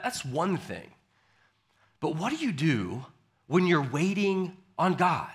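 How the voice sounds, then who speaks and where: Bright-voiced man preaching a sermon. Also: fairly high pitch. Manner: conversational storytelling preacher, frequent word repeats. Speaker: pastor. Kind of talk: sermon with opening prayer.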